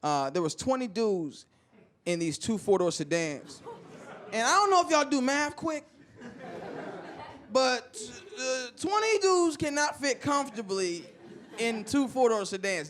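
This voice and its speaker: A male stand-up comedian telling an animated story and acting out the people in it, recorded live with audience laughter. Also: extremely high pitch, a little slow. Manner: animated, acts out voices of people in his stories.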